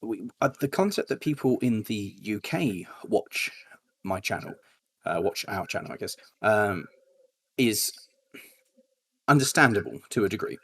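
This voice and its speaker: Husky low-voiced man, animated. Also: unhurried, pauses often. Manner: animated storytelling, jumps to high-pitched impressions. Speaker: YouTuber guest. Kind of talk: casual interview chat.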